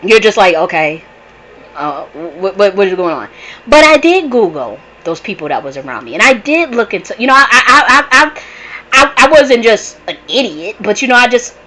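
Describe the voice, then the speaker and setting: Woman host, casual monologue. Bright tone, animated and profane, often restarts her sentences. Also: medium pitch, moderate pace, slight background noise, low-quality recording. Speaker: channel host.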